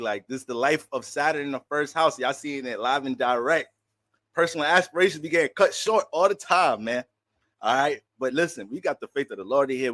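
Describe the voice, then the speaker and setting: A man's voice: medium pitch, fairly bright tone, no room sound. A man doing a casual astrology reading on a livestream, talking in loose slang and laughing often.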